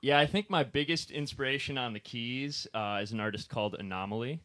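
A young keyboard player from Wisconsin, out of breath after playing, chatting casually in a radio studio interview. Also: male voice, medium pitch, brisk, pushed and bright. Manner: friendly, loose, laughing between thoughts.

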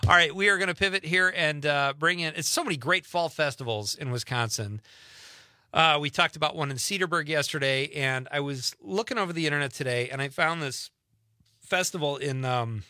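A man's voice: a little high, a little fast, bright, forceful tone, no room sound, clean studio sound. A man hosting an evening radio talk show, chatting casually and joking with listeners and guests. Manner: chatty, jokey, reads listener texts aloud. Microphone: studio mic.

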